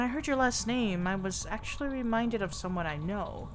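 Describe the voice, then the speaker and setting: A woman's voice: mid-range voice, expressive, normal speed, hardly any pauses, a little hiss or hum. A young woman streamer reading a game's story aloud and adding playful, laughing remarks. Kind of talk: reading a game aloud with casual commentary. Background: game music.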